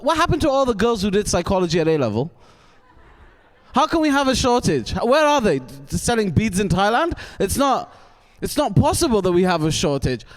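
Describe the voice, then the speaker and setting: Ranting stand-up comedian from Wales. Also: male voice, sits high, long reverb tail. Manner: cantankerous, ranting, stammering restarts. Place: theatre stage before a live audience.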